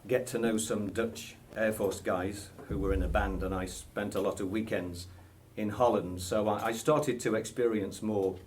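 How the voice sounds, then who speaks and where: An older British man with a British accent answers questions in a relaxed interview. His voice sits low, and he talks hesitantly, with plenty of ums and small chuckles. A faint hiss sits under the recording. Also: normal speed, few pauses. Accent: British English. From Britain. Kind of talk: casual interview.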